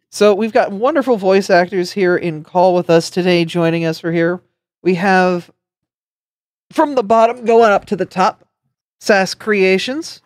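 A woman's voice: lowish voice, a little mellow, dry recording, clean studio sound. A woman hosting a casual live stream, talking in a friendly, rambling way full of fillers and repeated words. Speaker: streamer and host.

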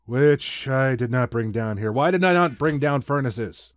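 A man hosts a Let's Play, chatting casually as he builds and making silly sound effects in relaxed gameplay commentary. His mid-range voice has lively intonation and an unhurried pace.

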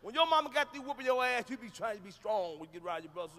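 A man performing a stand-up comedy routine on stage, loud and profane, shouting his punchlines. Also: extremely high pitch, expressive, racing, background noise. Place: large concert hall with audience. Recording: live hall recording with reverb.

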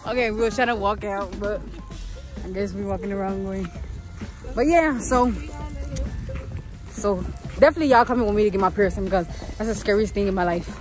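A woman's voice: medium pitch, a little fast, pauses often, faint music behind. Chatty woman vlogging outdoors. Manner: chatty, addresses viewers directly. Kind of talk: casual vlog chat. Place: outdoors walking on a windy street.

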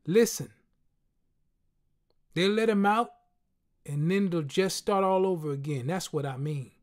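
A man's voice: high-pitched, a little slow. A man reading a short story aloud, voicing a jittery young man, a streetwise former drug user who talks in loose street speech. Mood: insistent. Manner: street-talking, wheedling.

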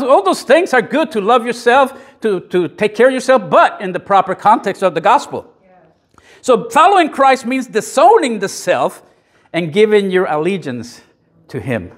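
A man preaches a sermon in a church. His high voice swings widely in pitch, climbing on emphatic points and dropping low and soft on solemn ones. He talks conversationally, pausing for the congregation's amens. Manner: conversational, with self-deprecating asides. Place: church sanctuary.

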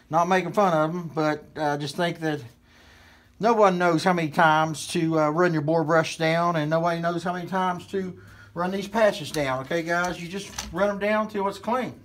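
A man's voice: on the high side, steady tone, a little slow. A man from West Virginia with a West Virginia accent, folksy and rambling with many fillers as he walks through a hands-on how-to demonstration. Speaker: hunting channel host.

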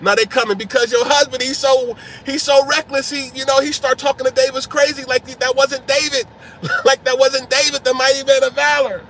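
A man's voice: extremely high pitch, flat delivery, a little fast, a bit bright, a little hiss or hum, voice pushed up. A man doing a worried servant in casual slang. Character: anxious male servant bringing bad news.

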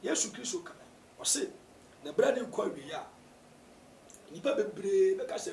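A man with a Ghanaian accent, a pastor answering interview questions in a preaching style, often rising to shouts for emphasis. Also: sits high, normal speed, pauses often, slight background noise. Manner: animated, bursts into shouts to stress points. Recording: roomy echo, distant from mic.

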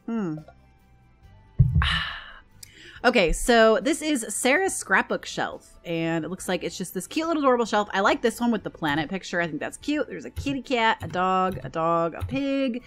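A woman's voice: medium pitch, sing-song, fairly quick, hardly any pauses, a bit bright, faint music behind. A young American woman talking casually as she shows items in a game, gushing over things she likes, with a scratchy throat that keeps catching. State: throat trouble and hiccups. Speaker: gaming YouTuber.

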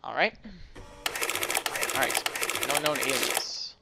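A man's voice: medium pitch, slow, creaky, very noisy. Joking man doing game commentary. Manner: joking, stammers and repeats words. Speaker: gamer playing a border-inspector game. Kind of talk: casual gameplay commentary. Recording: background game music.

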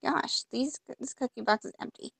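A woman's voice: fairly high pitch, normal speed, vocal fry, fairly bright tone, slightly rough, no echo. A woman playing a point-and-click game, reading the on-screen text aloud and reacting with mock frustration as she goes. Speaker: gamer. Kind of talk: casual let's-play commentary.

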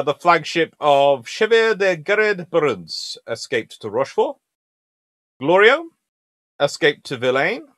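Reading ship names in a sing-song list, a man with a mid-range voice hosts a casual history livestream and chats with his audience. The sound is free of room noise, and his tone is lively and chatty, like a relaxed lecture taking questions from chat.

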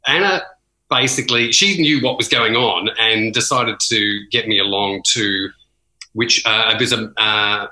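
A man from Australia, a podcast guest in casual chat, telling a story in halting, self-deprecating bursts with many restarts. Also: on the low side, sharp tone, echoey room, poor audio.

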